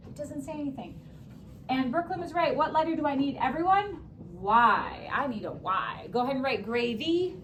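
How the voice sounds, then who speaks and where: A young woman teaching spelling to a class, her high voice calling out words and drawing them out for emphasis. She talks with upbeat quick asides between the words. Faint room noise sits beneath her in the classroom. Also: lively intonation.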